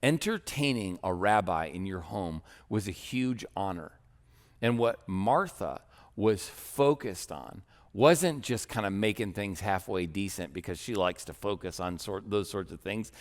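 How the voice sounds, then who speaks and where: A man's voice: on the low side, a bit bright. A male pastor preaching a sermon in a conversational way, often checking in with "right?" and acting out little scenes. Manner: conversational, asks "right?" often, acts out quoted voices.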